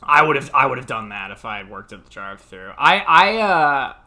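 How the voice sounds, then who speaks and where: A man's voice: mid-range voice, brisk. A man in his thirties from the United States, co-hosting a podcast and telling stories in casual chat with frequent laughs. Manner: animated storyteller, laughs often. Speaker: podcast co-host.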